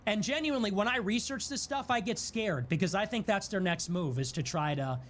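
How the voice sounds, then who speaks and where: A man from Chicago hosts a political livestream in a high, very animated voice. He talks with indignant sarcasm and sudden defiant bursts. A faint hiss sits under the recording. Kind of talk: impassioned political monologue.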